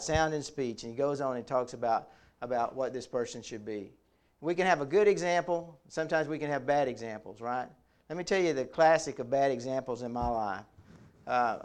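A man preaching a conversational sermon, often repeating words as he builds a point. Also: medium pitch. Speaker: pastor.

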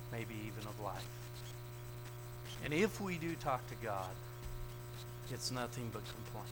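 A man preaching a sermon, swinging from loud, raised retellings of scripture to low, quiet asides, with an American accent. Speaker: pastor. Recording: mains hum behind the voice.

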